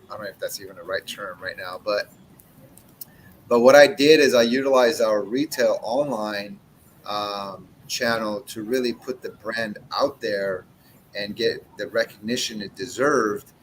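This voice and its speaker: A man's voice: on the low side, a little slow, slight background noise, low-quality recording. A man in his forties, a cigar brand owner and podcast guest, talking in a blunt, casual way, swearing freely and acting out what he says to customers. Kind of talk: casual chat.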